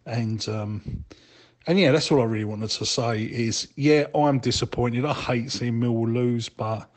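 A man leaving a calm, hesitant voicemail full of fillers, urging patience. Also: mid-range voice, unhurried. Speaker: caller. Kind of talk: voicemail message.

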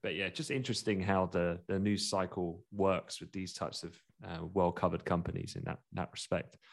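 Low-voiced man chatting about markets. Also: steady tone, gravelly. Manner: chatty, laughs while talking, quick asides. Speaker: market commentator. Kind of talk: casual market chat.

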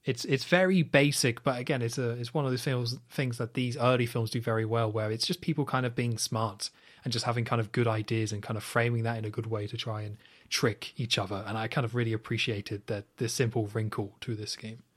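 A man's voice: mid-range voice, fairly even intonation, brisk. A man co-hosting a podcast, chatting casually and enthusiastically about a spy film. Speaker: podcast co-host. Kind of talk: casual film review chat.

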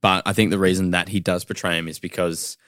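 A man chatting casually about a film on a podcast, agreeing quickly and laughing often. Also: low-pitched, little pitch movement, fairly bright tone, no room sound, clean studio sound. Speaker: podcast co-host.

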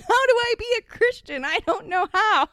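A woman voicing a wide-eyed, innocent little boy who talks in an eager, squeaky way. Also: animated, unhurried, bright, forceful tone, no echo, exaggerated voice. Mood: puzzled.

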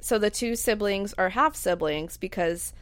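A woman's voice: medium pitch, a little slow, a bit bright, clear, resonant tone, dry recording. Woman explaining plot in casual chat. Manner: explaining patiently, laughing often. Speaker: movie watch-along co-host.

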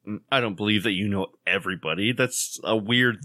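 A man's voice: a little fast, sharp tone, dry recording, clean studio sound. A man co-hosting a podcast, telling a long joke in a rambling casual way and acting out the characters. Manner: rambling storyteller, acts out the characters with jumps in pitch. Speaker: podcast co-host.

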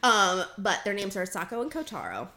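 A woman's voice: medium pitch, sing-song, fairly quick, pushed and bright. Young woman rambling in casual chat. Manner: rambling, many "like"s and restarts, laughs often. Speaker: podcast co-host.

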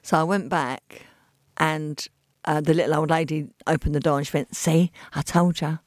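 Woman, East London accent, lowish pitch, dry close sound, animated storyteller. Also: moderate pace, dry recording. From England. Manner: animated storyteller acting out quoted voices. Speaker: guest. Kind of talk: podcast interview storytelling.

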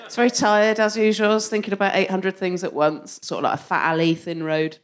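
A woman's voice: medium pitch, fairly even intonation, fairly quick. A woman performing live stand-up comedy on a theatre stage, playful and self-mocking, often laughing through her lines. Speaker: comedian, co-host.

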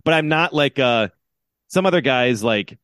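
A man in his thirties, a podcast co-host, telling an animated story in casual chat and acting out his shouting at a game. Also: medium pitch, a little slow, no echo, studio quality.

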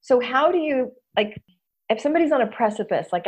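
A woman hosting a casual interview, teaching lively and acting out the voices in people's heads. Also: high voice, a little fast. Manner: animated, acts out inner voices. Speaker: host, coach.

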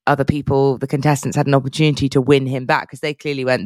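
A man's voice: medium pitch, flat delivery, fast talker, hardly any pauses, darkish tone, dry recording, studio quality. Chatty man gushing on a podcast. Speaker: podcast co-host. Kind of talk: casual chat.

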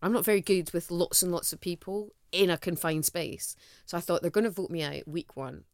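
A woman's voice: on the low side, brisk, no room sound, clean studio sound. A middle-aged woman, telling candid stories as an interview guest, laughing often and acting out what people said. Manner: animated, laughs often, acts out quotes. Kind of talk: candid conversational storytelling.

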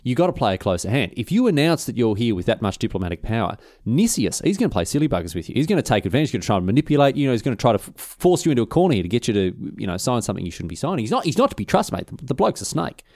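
A man voicing a scheming, smooth-talking ancient Greek politician in a chummy, conspiratorial way. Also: medium pitch, very animated, very fast, hardly any pauses, a little mellow, no room sound, clean studio sound. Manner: chummy, conspiratorial, mate-to-mate banter.

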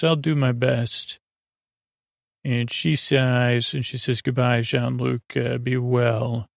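A man's voice: medium pitch, gravelly, dry recording, clean studio sound. A man hosting a podcast, giving a meandering episode recap for sleep, full of fillers and loose paraphrase. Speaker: podcast host.

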